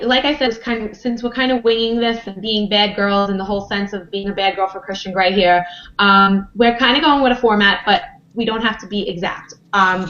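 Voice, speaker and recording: A woman's voice: medium pitch, fairly bright tone, echoey room, muffled recording. A woman hosting a podcast, leading a casual chat about a book. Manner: chatty, leads the discussion. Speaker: podcast host.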